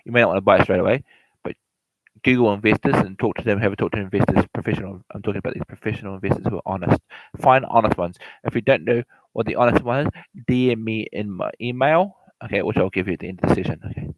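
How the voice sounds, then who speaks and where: A man's voice: fairly low pitch, fast, no room sound, low-quality recording. A man giving property investment advice in a rambling, repetitive way, often correcting himself and speaking straight to the listener. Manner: repetitive, self-correcting, addresses listener directly. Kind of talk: rambling informal lecture.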